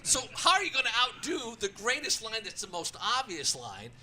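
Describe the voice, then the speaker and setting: Radio guest: male track announcer, punchy bright voice, excitable storyteller, slightly high. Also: moderate pace, slight background noise. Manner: excitable, acts out his own calls, many restarts. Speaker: racetrack announcer, show guest. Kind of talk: animated storytelling in a radio interview.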